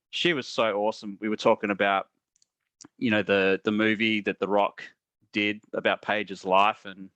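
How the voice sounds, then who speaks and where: Australian male host, casual chat, forceful bright tone, dry close sound. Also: mid-range voice, dry recording. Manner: reads out listener questions and answers at length. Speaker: podcast host.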